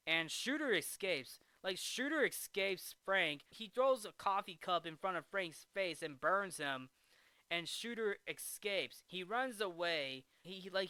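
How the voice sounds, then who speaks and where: A man's voice: fairly high pitch, sharp tone, clean tone, no room sound. A man hosting a casual film recap, rambling with frequent restarts and fillers.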